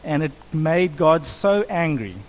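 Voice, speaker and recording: A middle-aged man preaching a sermon in an animated way, acting out quoted voices as he goes. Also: fairly high pitch, measured pace, slight background noise. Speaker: pastor.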